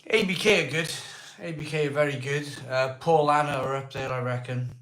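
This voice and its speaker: A Welsh man with a voice hoarse from a cold, hosting a casual live stream, greeting viewers by name and asking for likes. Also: on the high side, brisk, a bit bright. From Wales. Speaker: livestream host. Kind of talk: casual live chat reading viewer comments. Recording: echoey room.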